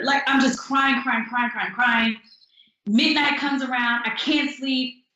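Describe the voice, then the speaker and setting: A young woman singer-songwriter tells her stories with lively, upbeat energy, slipping into little voices when she quotes people. Her tone is bright and a bit high, and the room around her rings with strong echo. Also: a little slow, muffled recording. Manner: animated, acts out quotes, upbeat. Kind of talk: casual storytelling interview. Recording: echoey room.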